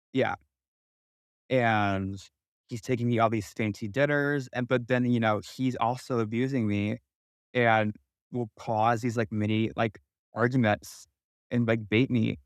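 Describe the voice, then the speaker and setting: A young man, a guest, recounting a painful personal story in a halting way with many pauses. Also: medium pitch, fairly even intonation, smooth, no echo, studio quality.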